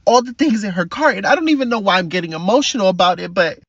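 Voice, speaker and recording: A woman's voice: medium pitch, fast talker, husky, dry recording. A woman talking earnestly and wistfully in a personal vlog clip. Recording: dull lo-fi played clip.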